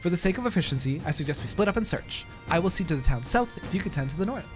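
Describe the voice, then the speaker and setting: A man reading aloud the lines of a formal, earnest young man from a fantasy game, measured and proper. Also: high voice, expressive, music in the background.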